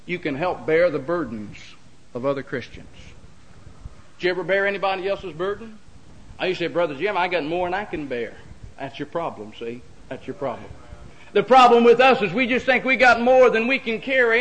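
A man's voice: high voice, a bit bright, rough recording. A man preaching a sermon in a folksy, repetitive way, calling out for amens. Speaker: pastor.

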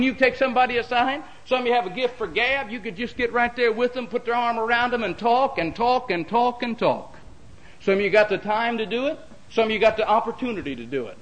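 A man's voice: high-pitched, a bit bright, rough recording. A man preaching a sermon in a folksy, repetitive way, calling out for amens. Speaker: pastor.

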